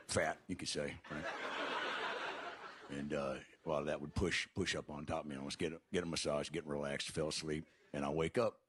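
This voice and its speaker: A man telling stand-up stories in a deadpan, mumbling way full of fillers, on a comedy club stage. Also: a bass voice, background noise. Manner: slow, mumbling, filler-heavy delivery.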